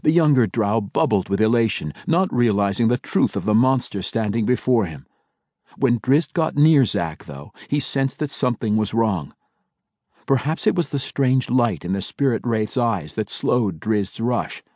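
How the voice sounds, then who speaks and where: A man narrating a fantasy audiobook in a measured, dramatic storytelling manner. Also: mid-range voice, animated, a little mellow, no echo, clean studio sound. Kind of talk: scripted narration.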